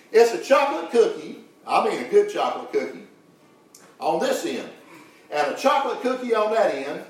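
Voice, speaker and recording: A man preaching a sermon, folksy and lively, swinging from hushed to loud. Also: high voice. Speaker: pastor. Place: church sanctuary. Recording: very echoey, from far off.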